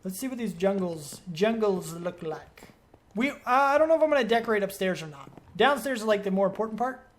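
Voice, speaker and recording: A man's voice: high voice, expressive, brisk, a little hiss or hum. A man giving let's play commentary as a gaming video creator, rambling and thinking aloud as he questions himself.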